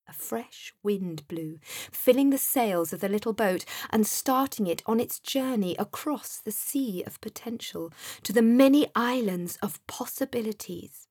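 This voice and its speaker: A woman reading a children's story aloud in a slow, soothing way. Her voice sits on the higher side and is breathy, and the recording is dry and close. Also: animated, darkish tone, no echo. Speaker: narrator. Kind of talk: storybook narration.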